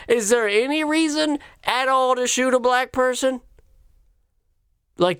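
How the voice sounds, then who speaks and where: A man rants on his own podcast, swearing freely and dripping with sarcasm. He talks slowly and deliberately. The sound is dry and close to the microphone, with no room around it. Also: extremely high pitch, fairly bright tone, clear, resonant tone, no room sound. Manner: profane, sarcastic, ranting. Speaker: podcast host. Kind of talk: solo comedy podcast rant.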